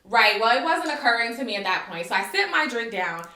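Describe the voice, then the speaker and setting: An American woman with a high, bright voice tells a story in a loose, animated way, full of swearing. Her pitch leaps around as she acts out what everyone said. The room around her rings with a clear echo. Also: fairly quick. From United States. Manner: animated, profane, acts out dialogue. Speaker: guest, longtime expat. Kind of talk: casual storytelling.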